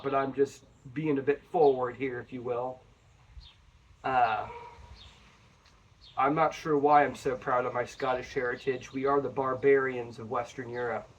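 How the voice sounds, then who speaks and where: A man talking to his viewers in a rambling, chatty whiskey review. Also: mid-range voice. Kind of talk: casual review vlog. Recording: voice a bit far from the mic.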